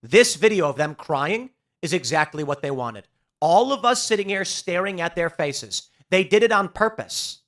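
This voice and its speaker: Man, political commentary host, high voice, bright tense tone, sarcastic, emphatic.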